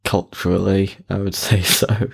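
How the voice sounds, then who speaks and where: A man's voice: low voice, little pitch movement, unhurried, creaky, husky. A man co-hosting a podcast, talking hesitantly with dry, self-deprecating jokes. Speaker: podcast co-host. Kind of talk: casual podcast chat.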